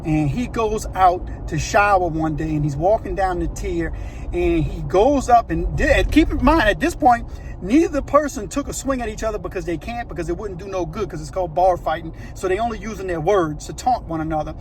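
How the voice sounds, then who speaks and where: A man's voice: high-pitched, lively intonation, fairly quick, slight background noise. A man telling a story in a casual, slangy, conversational way, with frequent asides to the listener.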